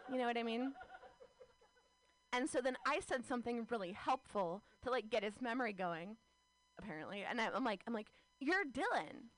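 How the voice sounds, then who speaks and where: A woman's voice: a little high, fairly quick, long pauses, rough recording. A woman in her thirties telling a rambling, self-mocking stand-up story, full of fillers like "like.". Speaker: stand-up comedian.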